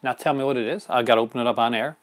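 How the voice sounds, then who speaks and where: A man's voice: mid-range voice, racing, slight background noise. A man hosting a live unboxing stream in casual chat, rambling and chuckling often. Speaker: host.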